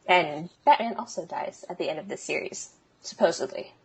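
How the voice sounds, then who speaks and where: A woman co-hosting a casual podcast, chatting and explaining with plenty of ums and little laughs. Her voice sits a bit low and carries a gravelly edge. It also sounds a touch husky. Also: animated, moderate pace. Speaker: podcast co-host. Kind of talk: casual chat.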